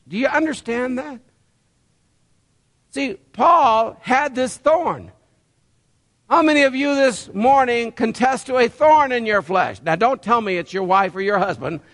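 High, lively-voiced male preacher. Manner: emphatic preaching with rhetorical questions to the congregation; folksy and conversational at times. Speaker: pastor. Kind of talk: sermon.

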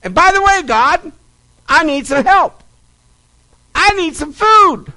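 A man voicing a bold elderly woman who shouts her praise and pleads loudly in a high voice. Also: expressive, slow, exaggerated voice. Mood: pleading. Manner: loud, high, pleading cries.

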